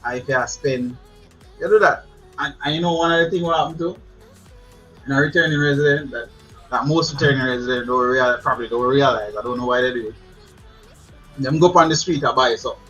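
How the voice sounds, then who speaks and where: A man's voice: mid-range voice, brisk, pauses often, fairly bright tone, faint music behind, rough recording. A man with a Jamaican accent giving casual advice to his viewers, chatty, laughing often and repeating words. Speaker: channel host. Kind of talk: casual advice talk to camera.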